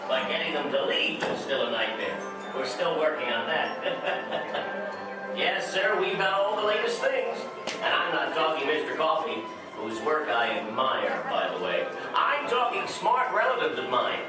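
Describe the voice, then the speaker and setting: A man's voice: fairly high pitch, very animated, measured pace. An actor playing a cheerful middle-aged father who shows off his home gadgets with joking, salesman-like patter. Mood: jaunty. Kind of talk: attraction show narration. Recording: echoey theater from far off, music behind.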